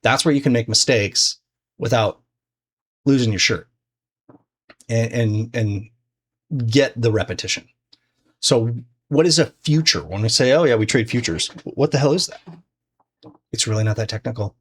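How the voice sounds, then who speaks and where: A man talks through a trading lesson in a relaxed, chatty way. He restarts sentences and drops in fillers as he goes. His voice sits at an ordinary mid pitch. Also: normal speed, long pauses, slightly rough. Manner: loose and conversational, many fillers and restarts. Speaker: trading teacher. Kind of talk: casual explanatory lesson.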